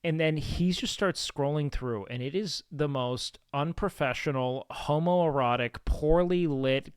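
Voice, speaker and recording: A man's voice: on the high side, clear, resonant tone, no room sound. A young man chatting casually on a live stream, rambling and swearing with lots of fillers.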